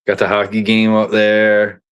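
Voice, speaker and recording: A man's voice: fairly low pitch, monotone, a little slow, fairly bright tone, clean tone, dull audio. A man hosting casual banter, profane and joking. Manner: profane, laid-back, joking.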